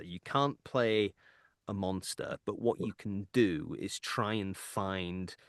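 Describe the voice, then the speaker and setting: A man's voice: on the low side, a bit bright, no echo, clean studio sound. A man with a Hull accent, a voice actor guest explaining his craft in a thoughtful, chatty way with fillers and asides. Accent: Hull English. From England. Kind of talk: casual interview chat.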